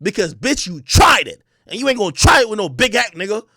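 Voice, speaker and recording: A young man from Jamaica ranting on a livestream, loud, profane and boastful. He swings between shouting and muttering. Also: high voice, sing-song, fairly quick, no room sound, studio quality. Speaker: livestream host.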